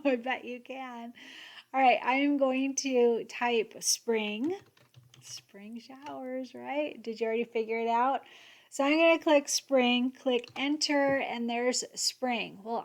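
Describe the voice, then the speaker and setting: A woman hosting an embroidery software tutorial, excitable and gushing, sometimes muttering to herself as she clicks along. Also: on the high side. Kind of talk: screen-share software tutorial.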